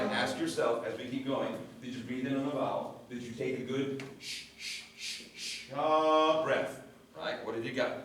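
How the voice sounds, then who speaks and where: A man's voice: medium pitch, noisy background. A man coaching a choir, explaining vowel shapes and breathing and singing short examples to demonstrate. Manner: demonstrates vowels by singing, gives quick cues. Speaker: vocal coach. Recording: echoey rehearsal hall from a distance.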